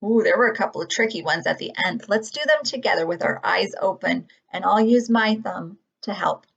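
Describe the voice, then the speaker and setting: A woman teaching a phonics lesson to young children, modeling words in a gentle, patient, drawn-out way. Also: mid-range voice, gravelly, husky. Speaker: kindergarten teacher. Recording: dull lo-fi audio.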